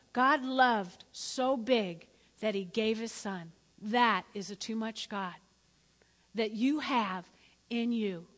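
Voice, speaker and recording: A middle-aged woman preaching a lively sermon, animated and joking, sometimes acting out voices. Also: fairly high pitch. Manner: animated, jokey, acts out voices. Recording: church hall reverb.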